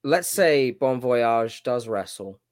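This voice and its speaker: A man's voice: mid-range voice, slow, dry recording, studio quality. A man co-hosting a casual wrestling chat livestream, rambling with many restarts. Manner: rambling, restarts, animated impressions. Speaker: podcast co-host.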